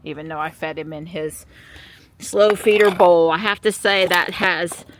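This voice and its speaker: A woman chatting casually in a vlog outdoors in her yard, recorded on a small handheld camera and breaking into a high sing-song voice when she calls her pets. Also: a little slow, slight background noise. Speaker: vlogger.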